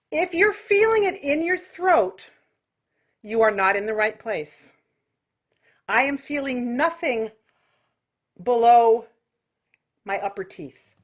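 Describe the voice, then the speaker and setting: A woman teaching an online singing class, explaining slowly between nasal, quacking vocal demonstrations over a video call. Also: a little high, lively intonation. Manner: nasal quacking vocal exercises between slow spoken instructions.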